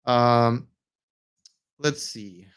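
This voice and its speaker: A man's voice: medium pitch, drawn-out words, a bit bright, smooth. A man hosting a casual live stream, reading viewer comments and answering with many fillers and restarts.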